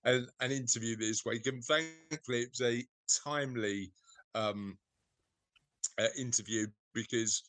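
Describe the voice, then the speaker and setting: A man's voice: medium pitch, unhurried, fairly bright tone, no echo. A man co-hosting a podcast in casual chat, teasing and rambling with many fillers. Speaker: podcast co-host.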